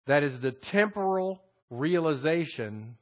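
Speaking a little slowly but with animation, this slightly high-voiced man from Texas preaches on a Bible passage. He breaks down the Greek terms and keeps coming back to his main phrases, captured in a dull, lo-fi sermon recording.

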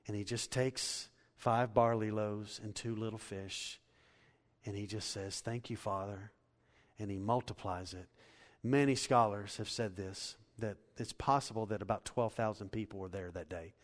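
A man preaching a sermon, telling a story in a lively way and building to loud, emphatic points. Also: lowish voice, normal speed, big-room sound. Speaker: pastor.

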